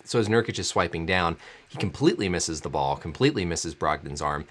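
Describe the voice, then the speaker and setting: A man who is a doctor, hosting a video and walking through a sports injury in a clear, enthusiastic explaining manner. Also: low voice, fairly bright tone.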